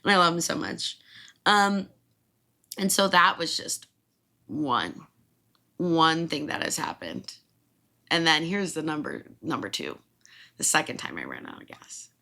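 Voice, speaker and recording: A woman in her twenties, a podcast host from Illinois, telling a story in a casual, animated way, laughing and swearing freely. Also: low-pitched, measured pace, vocal fry, pauses often.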